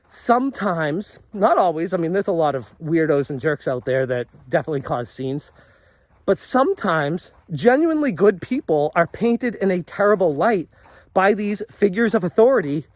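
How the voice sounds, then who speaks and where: A man's voice: high-pitched, no room sound. A man telling a story as a vlogger, exasperated and rambling, often restarting his sentences. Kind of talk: storytelling commentary.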